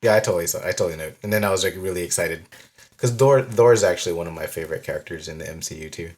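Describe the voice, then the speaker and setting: A man's voice: low-pitched, rapid-fire, darkish tone, husky. A man co-hosting a podcast in easygoing casual chat. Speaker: podcast co-host.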